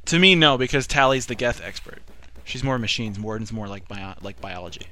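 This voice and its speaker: A man's voice: lowish voice, steady tone, a little fast, bright, forceful tone, faint music behind. A man casually chatting about a video game in a laid-back way, often trailing off.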